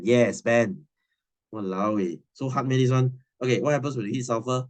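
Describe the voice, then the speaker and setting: A man's voice: medium pitch, moderate pace, a little mellow. A man, teaching a science class in a chatty, teasing way and laughing often. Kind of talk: classroom lesson.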